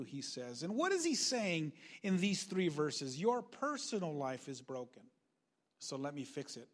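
High-voiced animated male preacher. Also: a little slow. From Northern California. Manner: animated preaching, acting out quoted voices, shifting volume. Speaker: pastor. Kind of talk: sermon.

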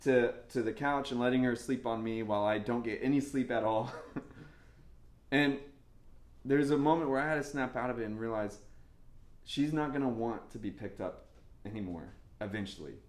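Animated young male preacher, echoey room. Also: medium pitch, moderate pace. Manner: conversational, animated preaching with laughs and asides. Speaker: pastor. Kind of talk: sermon.

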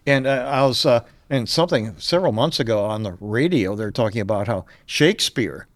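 A man's voice: medium pitch, lively intonation, brisk, no room sound. An older man, a podcast guest, talking casually and telling stories with frequent chuckles. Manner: storytelling, chuckles often. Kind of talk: casual chat.

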